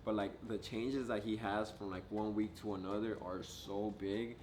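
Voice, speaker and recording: A young man, a new father, chatting casually in a vlog, relaxed and rambling with lots of filler words. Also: fairly low pitch, normal speed, a little hiss or hum. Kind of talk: casual chat.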